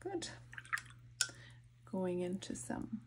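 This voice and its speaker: A soft-spoken woman narrating a painting tutorial, her voice dropping to whispers as she concentrates. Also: fairly low pitch, big pitch swings, very slow, noisy background. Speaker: art instructor.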